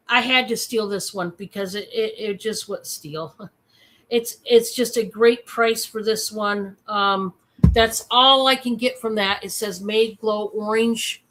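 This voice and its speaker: Slow, chatty woman selling on a live stream. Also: mid-range voice. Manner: chatty and excitable, many fillers. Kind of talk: casual live-stream sales chat.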